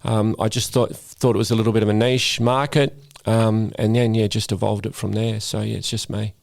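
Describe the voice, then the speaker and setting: A man's voice: lowish voice, flat delivery, normal speed, gravelly, darkish tone. A middle-aged Australian man, a guest speaker and former police officer, chatting casually in a podcast interview and often repeating words as he starts a sentence. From Western Australia.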